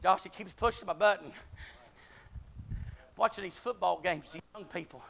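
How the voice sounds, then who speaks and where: Male preacher, sermon, very high voice, gravelly fry, call-and-response, bursts into shouting, winded. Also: normal speed. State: out of breath.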